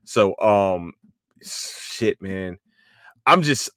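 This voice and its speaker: A man hosting his own solo podcast in casual chat, excitable and profane, with many restarts and fillers. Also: lowish voice, moderate pace, dry recording, studio quality. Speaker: podcast host.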